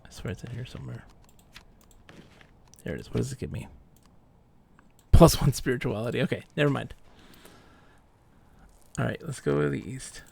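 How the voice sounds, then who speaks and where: Gravelly man muttering through a game. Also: medium pitch, moderate pace, pauses often, a little mellow. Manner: mutters to himself, reads item text aloud. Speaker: streamer. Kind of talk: live gameplay commentary.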